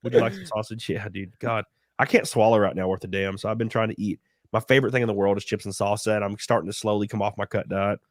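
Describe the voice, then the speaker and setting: A man's voice: on the low side, fairly even intonation, fast talker, no room sound, clean studio sound. A man with a cold hosting a casual live stream chat, rambling, laughing often and reading out viewer donations. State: sick with a cold. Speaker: stream host.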